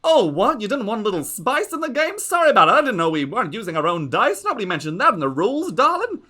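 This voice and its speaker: A woman's voice: big pitch swings, fast, bright, forceful tone. A woman voicing a flamboyant, showy female performer who cheats at dice and calls everyone darling. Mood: flustered. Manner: theatrical, high and sing-song, calls everyone darling. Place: live stage.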